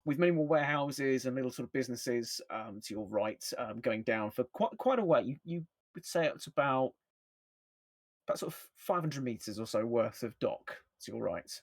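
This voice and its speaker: A man's voice: medium pitch, animated, normal speed, dry recording. A man narrating as game master for a tabletop game, with many ums and restarts.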